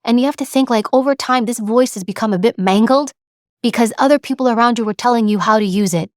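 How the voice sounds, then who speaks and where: Animated woman giving a motivational talk. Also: on the high side, fast talker, no echo, studio quality. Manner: animated, acts out examples, repeats words. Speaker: speaker on presence and communication.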